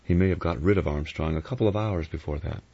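A cool, sardonic adventurer who speaks softly and mockingly, as a male reader puts him on. His voice is very deep with a gravelly edge, and the audio is dull and close. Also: fast, dry recording. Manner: soft, mocking delivery. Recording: dull lo-fi recording.

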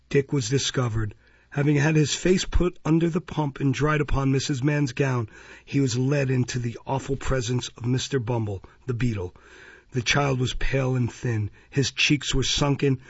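A man reads a classic novel aloud in a measured, even manner, his voice gravelly and husky. The recording is dry and close, with a dull, lo-fi sound. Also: medium pitch, dry recording. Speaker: audiobook narrator.

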